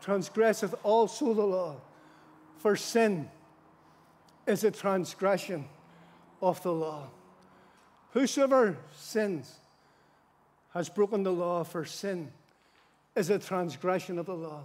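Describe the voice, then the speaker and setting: A man preaching a tent mission sermon, earnest, repeating phrases for emphasis and slowing down to read scripture. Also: high-pitched, darkish tone, in a large hall. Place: large gospel tent.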